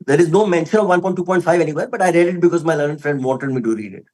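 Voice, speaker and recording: Indian English advocate, deferential and emphatic. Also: male voice, on the high side, rapid-fire, darkish tone, poor audio. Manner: deferential, peppered with "my lord", emphatic. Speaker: advocate arguing for a respondent. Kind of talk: formal courtroom argument. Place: courtroom.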